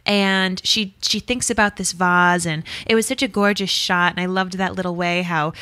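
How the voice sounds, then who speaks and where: A woman's voice: lowish voice, steady tone, normal speed, pushed and bright, clear, resonant tone, no room sound. Young female co-host, enthusiastic casual chat, dry close recording. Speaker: podcast co-host.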